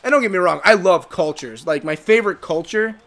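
A man's voice: sits high, lively intonation, a little fast, fairly bright tone. A man in his twenties from the United States chatting casually while playing a video game, rambling with lots of fillers and restarts. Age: 20s. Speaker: gaming co-host. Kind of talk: casual chat over gameplay.

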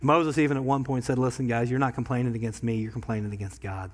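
A pastor preaching a sermon in a church, talking conversationally and swinging from quiet asides to loud bursts. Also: male voice, medium pitch, fairly even intonation, fast talker. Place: church sanctuary.

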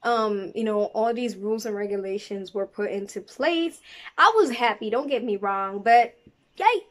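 A woman's voice: mid-range voice, moderate pace, a bit bright. A young woman from South Africa with an accent mixing South African and American, chatting casually and rambling to her camera. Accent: mixed South African and American. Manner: rambling, chatty, self-deprecating. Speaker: vlogger.

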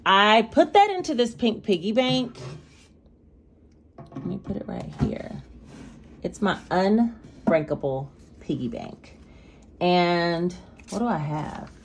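A woman's voice: medium pitch, very animated, takes it slowly, pauses often, slight background noise. A woman making a casual budgeting vlog, chatting with viewers and counting cash aloud as she stuffs binders. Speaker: budgeting vlogger.

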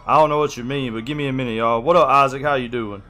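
A man's voice: mid-range voice, steady tone, quick pace, bright, forceful tone. A man chatting casually on a live stream, rambling, flustered and apologetic.

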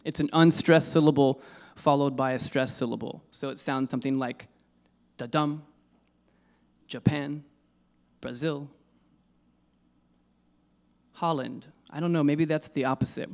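A man's voice: medium pitch, steady tone, a little fast, vocal fry, a little mellow. A man giving an informal lecture on poetry. He hesitates, corrects himself and uses many fillers.

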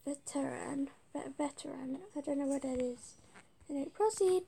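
A woman playing a video game, reading its text aloud haltingly and muttering whispered asides between stumbles. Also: sits high, creaky, warm tone, slight background noise. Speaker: let's-play gamer.

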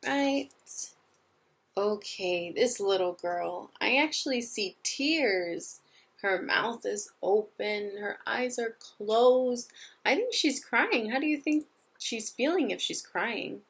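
Gentle, breathy woman teaching young children. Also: a little high, expressive, slow. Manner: gentle, patient, asks children questions. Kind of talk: children's lesson.

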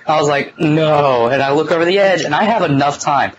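A man's voice: a little high, fast, muffled recording, slight background noise. A young man hosting a casual talk show, telling a long story in a rambling way, full of "like" and some swearing, recorded on a phone. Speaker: podcast host.

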